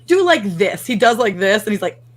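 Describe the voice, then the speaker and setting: Animated woman telling family stories. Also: medium pitch, fairly quick, a little hiss or hum. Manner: animated storyteller acting out family dialogue. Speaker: guest YouTuber and mother. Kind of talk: casual livestream chat.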